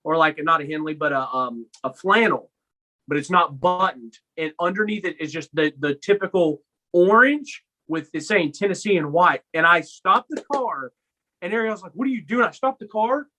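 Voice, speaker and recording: Young man, podcast co-host, casual chat, bright tone, slightly high voice, animated storyteller. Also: normal speed, rough recording. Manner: animated storyteller, acts out his own lines loudly.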